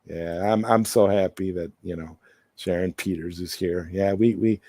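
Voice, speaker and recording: A man's voice: low voice, fairly even intonation, moderate pace, warm tone, no room sound. A man hosting a casual live stream, rambling through his points with many restarts and greeting viewers in the chat.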